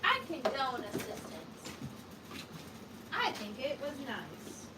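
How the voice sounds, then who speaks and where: A woman's voice: fairly high pitch, wildly swooping pitch, slow, very noisy. A woman hosting a live online sale, chatting casually with viewers in a giggly, joking way. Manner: chatty and giggly, jokey asides.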